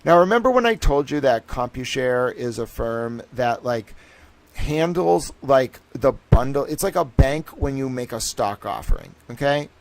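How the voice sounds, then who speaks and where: A streamer and citizen investigator rambles through a casual livestream monologue in a medium-pitched, very animated voice, a little slow. He's self-assured and restless, swearing often, jumping between thoughts, and full of fillers and restarts.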